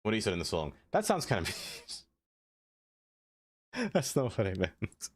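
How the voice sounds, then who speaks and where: This streamer's voice is on the low side, swooping wildly in pitch, a little slow, and full of pauses. He rambles through relaxed live-stream chat while playing a city-building game, replying to viewers by name and filling his speech with "like."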